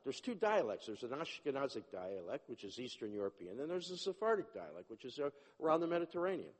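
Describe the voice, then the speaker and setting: Man, testimony, lively swinging pitch, restarts sentences, long hall echo. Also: quick pace, few pauses. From Jewish upbringing, not a place. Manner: animated, acts out dialogue, self-interrupting. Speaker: testimony speaker. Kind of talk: personal testimony storytelling.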